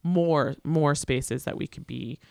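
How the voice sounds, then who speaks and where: Gravelly-voiced man speaking hesitantly. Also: fairly high pitch, darkish tone, no room sound, studio quality. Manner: hesitant, many "um" and "uh" pauses. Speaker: teaching artist program leader. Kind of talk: casual conversation.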